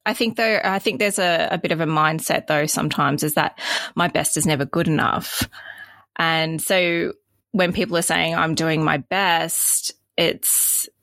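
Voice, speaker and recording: A woman's voice: sits low, fairly even intonation, unhurried, a bit bright, no room sound. Affirming woman co-host, dry sound. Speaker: podcast co-host. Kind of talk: casual podcast chat.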